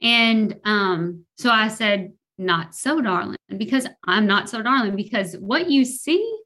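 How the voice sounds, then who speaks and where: A woman's voice: mid-range voice, expressive, a little slow, bright, forceful tone. Hesitant woman with a Kentucky accent. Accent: Kentucky Southern American. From Kentucky, USA. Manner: hesitant, many fillers, laughs easily. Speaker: podcast guest. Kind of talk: personal storytelling in conversation.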